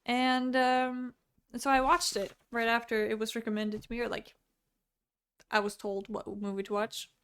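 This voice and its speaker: A woman talks through her thoughts on a movie in a loose, unscripted ramble, stopping herself mid-sentence and laughing along the way. She has the hiccups. Her voice sits a little high and comes through smooth and clear. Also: little pitch movement, normal speed, a bit bright. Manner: rambling, self-interrupting, laughing. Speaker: movie reviewer. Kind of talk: casual unscripted monologue.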